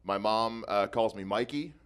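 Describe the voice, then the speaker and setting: A man with a Dayton accent opening a stand-up set on a club stage, laid-back and self-deprecating with halting delivery. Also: lowish voice, clean tone. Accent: Dayton, Ohio. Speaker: stand-up comedian.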